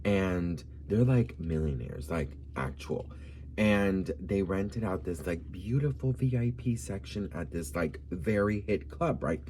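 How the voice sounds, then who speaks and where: A man's voice: low voice, animated, a little slow, darkish tone, slight background noise. A man of Colombian background from Miami, telling a gossipy story in a sassy, campy vlog style and calling the viewer "girl.". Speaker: vlogger.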